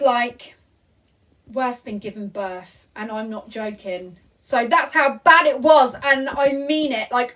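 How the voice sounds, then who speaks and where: A woman's voice: fairly high pitch, recorded from a distance, rough recording. A woman hosting a live Q&A from home, chatting in a rambling, apologetic way with lots of "um" and "like", reading viewer comments aloud into a tablet. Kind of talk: casual live-stream chat. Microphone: tablet recording.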